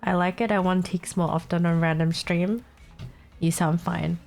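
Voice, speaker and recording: Young woman streamer, bit stuffy nose, lowish voice, swears a lot, faint music behind. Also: fairly even intonation, normal speed, creaky, darkish tone. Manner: chatty, irritated, swears casually. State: a little congested. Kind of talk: casual live-stream chat.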